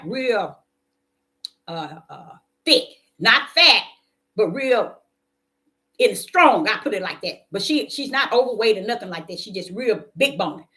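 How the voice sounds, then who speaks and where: A woman preaching with passion and telling personal stories, repeating her phrases for emphasis and swinging between loud declarations and hushed moments. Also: a little high. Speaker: self-described prophetic preacher. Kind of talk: impassioned preaching and personal testimony.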